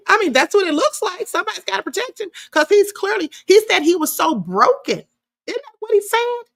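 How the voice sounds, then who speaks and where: Sassy high-voiced woman host. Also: very animated, brisk, vocal fry, fairly bright tone. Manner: sassy, scornful, laughing often. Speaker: livestream host. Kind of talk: casual live commentary reading chat.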